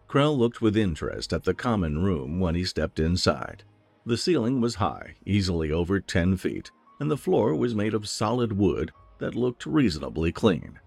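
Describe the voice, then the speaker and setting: A man narrating a fantasy audiobook in an expressive storytelling manner. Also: low voice, vocal fry, husky, no room sound.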